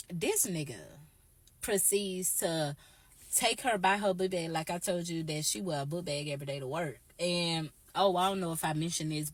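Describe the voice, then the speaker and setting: A woman vlogger telling an animated, profane, slangy story straight to camera. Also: deep voice, no room sound. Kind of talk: storytime vlog.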